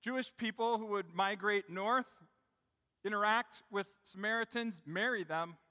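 A man's voice: high-pitched, a little slow, pushed and bright, in a large hall. A middle-aged man preaching a sermon in a church, telling a story in a conversational way and speaking straight to the congregation. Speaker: pastor. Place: church sanctuary.

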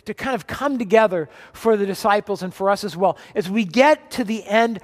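Pastor guy in his 40s preaching, light high voice, chatty and jokey, big echoey hall. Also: normal speed. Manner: conversational, joking storyteller. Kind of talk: sermon. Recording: long reverb of a large hall.

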